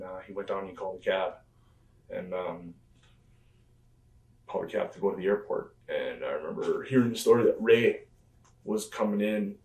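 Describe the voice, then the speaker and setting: A man with a somewhat low voice tells loose, rambling stories, leaning on fillers and small chuckles as he goes. He sounds set back from the microphone. The room around him is roomy and echoing. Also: a little mellow. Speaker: interview guest, former pro wrestler. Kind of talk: casual storytelling interview. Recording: roomy and distant from the mic.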